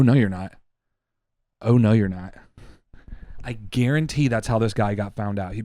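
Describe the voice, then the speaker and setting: Speaking in a low, slightly mellow voice with no echo, a young man co-hosts a casual comedy podcast. He relates a mock-conspiratorial story, swearing heavily and doing put-on voices.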